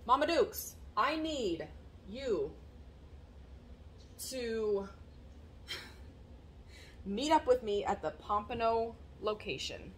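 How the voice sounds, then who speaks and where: A woman chatting straight to her phone camera at home, excitable and a little out of breath, in a casual vlog. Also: on the high side, extremely slow, pauses often, a little hiss or hum. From Florida, USA. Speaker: vlogger and small business owner. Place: at home, indoors.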